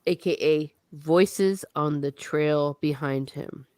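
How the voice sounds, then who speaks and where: Woman host, low-pitched and leisurely, casual plot recaps with the odd swear word. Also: takes it slowly, darkish tone, no room sound. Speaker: book discussion host. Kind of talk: casual book discussion.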